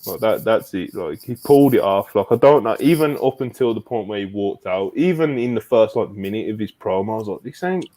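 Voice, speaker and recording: Brief: male podcast co-host, slightly low voice, loose and excitable, cursing through long recaps. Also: fairly quick, hardly any pauses. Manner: excitable, swears freely, retells events at length. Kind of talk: casual wrestling chat.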